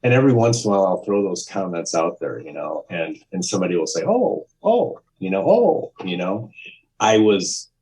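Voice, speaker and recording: A man's voice: sits low, fairly quick, a little mellow, poor audio. A man in his fifties, a podcast guest, telling a long story in a rambling conversational way, with restarts and acted-out quotes. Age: 50s. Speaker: podcast guest, music photographer.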